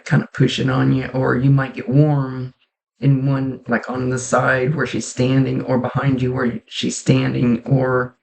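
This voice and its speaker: A woman psychic medium talks through a reading in a casual, halting way, often breaking off and restarting her sentences. Her voice has a gravelly, creaky edge. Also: deep voice. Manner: halting, restarts sentences, relays messages in a soft conversational way.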